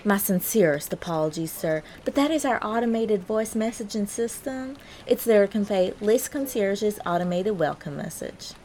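A woman's voice: mid-range voice, lively intonation, moderate pace, hardly any pauses, darkish tone, slight background noise, natural voice. A woman playing a sassy female customer service agent with sugary phone politeness. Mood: polite.

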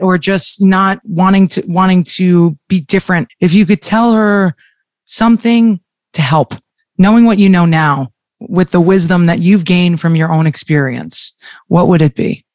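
A woman podcast host who interviews her guest and speaks in a warm, affirming way. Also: on the low side, unhurried, no room sound, studio quality. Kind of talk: interview and outro.

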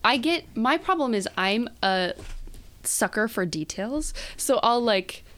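A woman who performs on stage, a guest in a casual interview, bubbly and quick to laugh and agree. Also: a little high, expressive, fairly bright tone.

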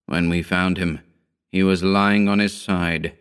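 A man narrating a horror story in a slow, grave, deliberate reading. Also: low-pitched, flat delivery, fairly bright tone, clear, resonant tone.

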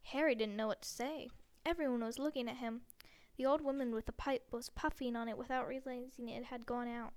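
A woman's voice: on the high side, steady tone, fairly quick, darkish tone. A woman reading a novel aloud, stumbling over and repeating words now and then. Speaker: reader.

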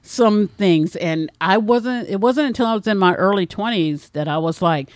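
A middle-aged woman from Texas co-hosting a podcast, telling stories in a relaxed, wry way. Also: medium pitch, normal speed, no room sound, studio quality. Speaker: podcast co-host. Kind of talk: casual chat.

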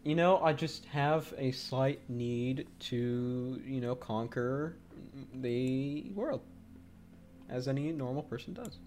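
A man's voice: medium pitch, takes it slowly, a little mellow, a little hiss or hum. A man hosting a casual podcast chat, joking around, laughing often and stumbling over restarts. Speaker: podcast host.

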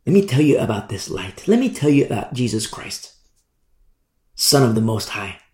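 A man preaching, voicing a gentle male messenger who softly coaxes a lost young woman. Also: medium pitch, very animated, moderate pace, close to an everyday voice. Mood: coaxing. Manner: coaxing, soft, pleading. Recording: echoey room.

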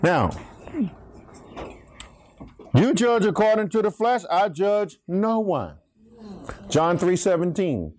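A middle-aged pastor with a lilt leads a call-and-response Bible lesson. His voice sits high for a man, and he swings it up and down as he preaches. He keeps asking the listeners to call out the last word. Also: sing-song, slow, long pauses, a little mellow. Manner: preachy, swings pitch, asks congregation to finish lines.

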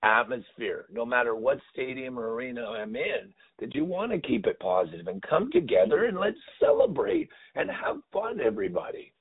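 A man's voice: medium pitch, very animated, normal speed, vocal fry, few pauses, husky. A man, a sports superfan guest, telling stories in a rambling, emotional way full of "you know". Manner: emotional, rambling, heavy with 'you know'. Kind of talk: casual storytelling interview. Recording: phone-like remote audio.

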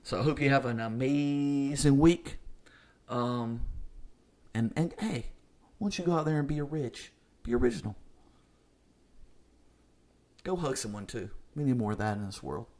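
High-energy man ranting on a podcast. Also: expressive, moderate pace, long pauses. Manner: high-energy, emphatic, swings between loud bursts and low asides. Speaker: podcast host. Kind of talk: solo podcast rant.

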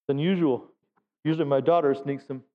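Man, pastor, high voice, conversational sermon, long hall reverb, dull lo-fi sound. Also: fairly even intonation, fairly quick. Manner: conversational preaching, asks the congregation questions. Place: church sanctuary.

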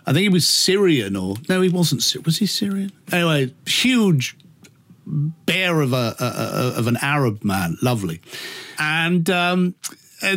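A man's voice: fairly high pitch, a bit bright. A middle-aged man with a Liverpool accent, a radio presenter being interviewed, camp and flamboyant, swearing freely as he tells stories. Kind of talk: anecdotal interview chat.

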